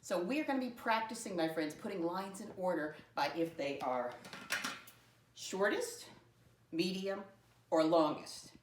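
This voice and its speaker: A woman teaching young children a math lesson, talking slowly, spelling words out letter by letter, and making playful jumps in pitch. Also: expressive, recorded from a distance, background noise. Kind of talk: early-grade math lesson. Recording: roomy sound from off-mic.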